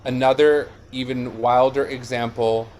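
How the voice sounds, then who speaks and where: Slow, explaining male diction coach. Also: mid-range voice, flat delivery, a little mellow, slight background noise. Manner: explanatory, checks in with "yeah?" and "right?". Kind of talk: online lesson.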